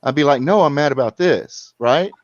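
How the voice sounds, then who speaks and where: A man's voice: on the high side, moderate pace, dry recording. A man, calling in and telling a long story in casual chat, rambling with restarts and repeats. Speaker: caller. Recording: muffled lo-fi sound.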